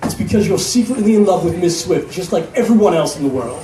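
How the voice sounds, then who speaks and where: A man's voice: sits high, lively intonation, fast talker, noisy background. A man voicing a gregarious, crude male mercenary sniper with a Rhodesian accent, in a live story reading. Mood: scornful. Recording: echoey room from a distance.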